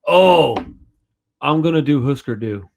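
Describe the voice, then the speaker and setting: A man's voice: fairly high pitch, expressive, measured pace, vocal fry, darkish tone, slight background noise. Rambling, swearing male podcast host. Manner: rambling, swears freely, self-deprecating. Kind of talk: casual chat.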